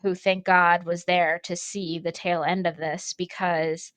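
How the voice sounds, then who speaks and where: A young woman co-hosting a podcast, telling a story in a casual, animated way, acting out quotes and using lots of fillers. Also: on the low side, a little slow, no echo. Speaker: podcast co-host, ceramics studio owner.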